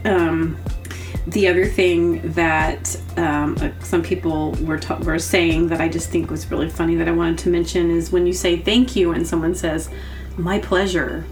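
A rambling woman tells comic stories on her podcast, giggling often and acting out silly bits of dialogue. Her voice sits fairly low. Faint music plays behind her. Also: flat delivery, moderate pace, a little mellow. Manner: meandering, giggly, acts out silly quotes. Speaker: podcast host. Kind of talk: rambling comedic monologue.

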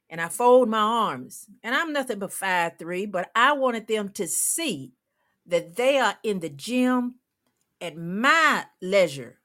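An older woman, a former coach, telling a lively story on a talk show, laughing often and acting out the people she quotes. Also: mid-range voice. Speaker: guest, former women's basketball coach.

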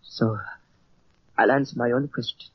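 A man's voice: mid-range voice, fairly even intonation, unhurried, slight background noise, lightly acted. An actor playing a frightened Frenchman with a French accent, in 1940s radio acting, tense and urgent. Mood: grave. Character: frightened French man who believes in a caveman. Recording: dull lo-fi old radio recording.

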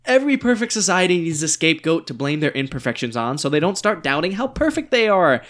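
A man's voice: fairly high pitch, sing-song, fast, a bit bright. A man reading the part of a ghostly dictator with a bullet wound, needy and melodramatic, in a stage play reading. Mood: fussing. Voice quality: theatrical, swinging between whimpers and outbursts.

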